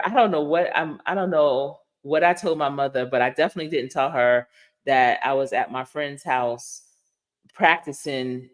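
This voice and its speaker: A middle-aged woman, a life coach, talks casually to her livestream audience. She tells stories with lively energy, laughing often and slipping into the voices of the people she quotes. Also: low voice. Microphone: livestream setup.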